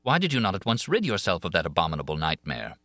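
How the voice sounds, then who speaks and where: A man's voice: low-pitched, huge pitch swings, fast, sharp tone, no room sound, studio quality, pitched below the performer's own voice, exaggerated voice. A man reading an audiobook of a classic novel, voicing an anxious young man who sounds urgent and disbelieving. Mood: incredulous.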